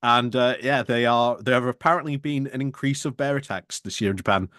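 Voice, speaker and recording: A man's voice: medium pitch, brisk, fairly bright tone, no room sound, clean studio sound. A man chatting casually as a guest on a live news stream, easygoing and hesitant, with lots of fillers. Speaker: guest co-host.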